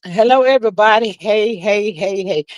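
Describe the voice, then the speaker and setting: A woman's voice: medium pitch, normal speed, no echo, low-quality recording. A woman hosting a casual livestream, chatty and slangy, greeting viewers by name and reading their comments aloud. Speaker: livestream host.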